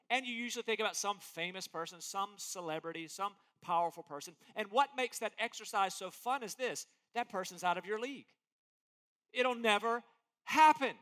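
A man preaching an expository sermon as pastor, emphatic and animated, acting out quotes as he goes. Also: high voice, normal speed.

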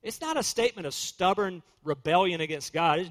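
A man's voice: a little high, animated, fast, hardly any pauses, big-room sound. A man preaching a sermon in an earnest way, quoting scripture and hymn lyrics and acting out inner voices. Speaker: pastor.

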